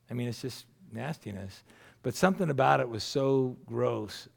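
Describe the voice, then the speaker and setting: A man's voice: mid-range voice, gravelly. A middle-aged man, a pastor, preaching a sermon in a loose, conversational storytelling way, often restarting his sentences.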